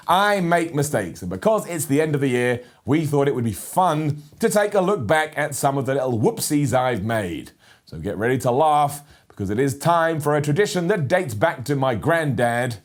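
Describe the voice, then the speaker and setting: A man's voice: a little high, animated, normal speed, faint music behind. A man anchoring a satirical news broadcast with a smug, mock-serious delivery.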